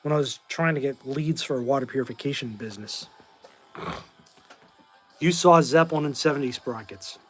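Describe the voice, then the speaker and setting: A man's voice: mid-range voice, moderate pace, long pauses, a bit bright, slightly rough, soft background music. A tired man in his forties from Massachusetts, hosting a casual livestream and talking bluntly and in rambling fashion as he answers chat. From Massachusetts, USA. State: tired, short on sleep.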